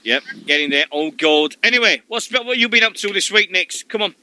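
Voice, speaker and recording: Sweary, excitable Sheffield man. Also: sits high, brisk, a little hiss or hum, rough recording. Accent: Sheffield English. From Sheffield, England. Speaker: radio show co-host. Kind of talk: casual chat.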